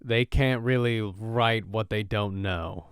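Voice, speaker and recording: A man gives casual, jokey commentary on an anime and talks back to the characters. His voice is smooth and clear at a middle pitch, he takes his time, and the sound is close and dry. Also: slow pace, no echo. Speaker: anime reaction host.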